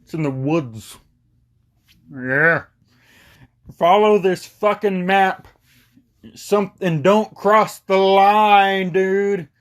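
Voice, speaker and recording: A man voicing a mysterious stranger at a bar who gives low, drawling warnings. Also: extremely slow, long pauses. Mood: menacing.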